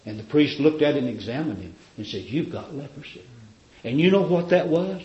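A man's voice: on the high side, sing-song, fairly quick. Male preacher, fervent storyteller; roomy, lo-fi sermon recording. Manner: fervent storytelling, rhetorical questions.

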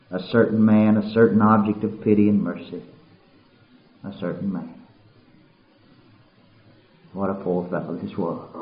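A man preaching a sermon, swinging between loud impassioned passages and quiet somber ones. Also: lowish voice. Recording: roomy, dull lo-fi recording.

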